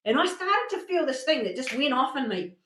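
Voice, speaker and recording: A woman with a fairly high voice presents a motivational masterclass. She tells her stories with plenty of energy and acts out what people said. The room around her has a noticeable echo. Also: a little fast, a little hiss or hum. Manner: animated storytelling with acted-out quotes. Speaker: workshop presenter.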